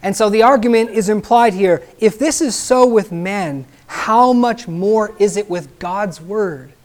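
A man's voice: high-pitched, a little slow. A man preaching an expository sermon, explaining with emphasis and checking with "right?". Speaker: pastor.

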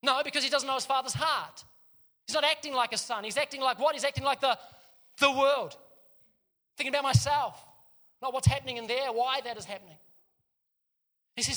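A man preaching a sermon in church, retelling a story with lively joking asides to the congregation. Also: very high voice, a little fast, pauses often.

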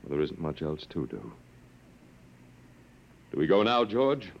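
A stubborn, weary human captive. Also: male voice, a bass voice, very animated, measured pace, gravelly, slight background noise, exaggerated voice. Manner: defiant, then pleading and shaken. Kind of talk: 1950s radio drama acting. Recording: dull lo-fi old radio broadcast.

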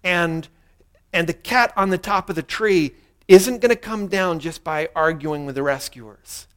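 A man preaching a sermon, earnestly walking through a passage and leading the congregation in a spoken prayer. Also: a little high. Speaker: pastor.

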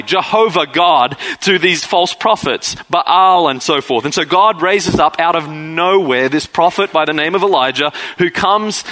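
A man's voice: high-pitched, pushed and bright, poor audio. A man preaching a conversational sermon as pastor, acting out the people in the story as he retells it. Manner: conversational preaching, acts out quoted figures.

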